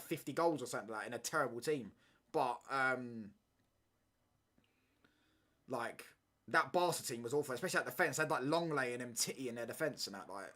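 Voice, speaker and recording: Slangy young lad chatting football. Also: male voice, mid-range voice. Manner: animated, slangy banter with the chat. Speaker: football watchalong streamer. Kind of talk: casual chat. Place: home streaming setup.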